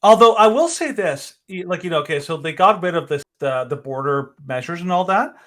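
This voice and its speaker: A man's voice: on the high side, expressive, a little fast, a bit bright. A man co-hosting a casual podcast, rambling with restarts and frequent laughs. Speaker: podcast co-host.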